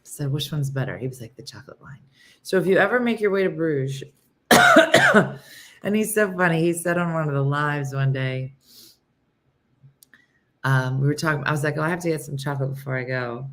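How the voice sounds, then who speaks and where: A woman's voice: sits low, fairly quick, pauses often. A woman hosting a live stream, chatting casually and rambling between stories while reading out viewer comments. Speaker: live show host.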